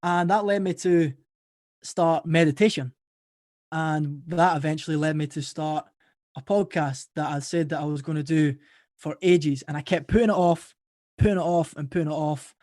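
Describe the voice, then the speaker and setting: A young Scottish man with a fairly high, even-toned voice speaks at a moderate pace, sounding a little mellow. He's a guest on a podcast, chatting in a friendly, informal way and calling people "brother" and "mate." The recording is clean studio sound with no room noise.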